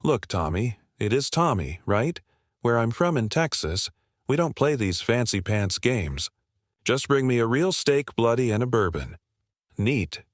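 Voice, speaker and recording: A man voicing a loud, rude male diner from Texas who mocks and complains. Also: mid-range voice, sing-song, a little slow, no room sound, clean studio sound. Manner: brash, mocking, complaining.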